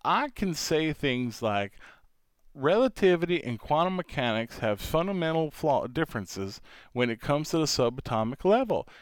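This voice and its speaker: A man's voice: a little high, sing-song, normal speed, smooth, no room sound, voice pushed up. A man putting on a Southern drawl. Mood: mock-lecturing. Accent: American Southern, put on.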